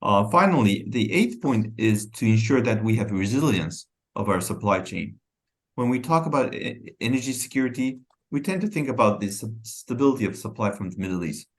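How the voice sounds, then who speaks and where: A fairly low-voiced man presents government policy in a webinar. His delivery is halting, and he often breaks off words to restart them. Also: lively intonation.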